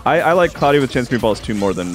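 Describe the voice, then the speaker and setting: Wry, expressive man co-host. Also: medium pitch, very fast, faint music behind. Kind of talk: casual chat while playing a party game.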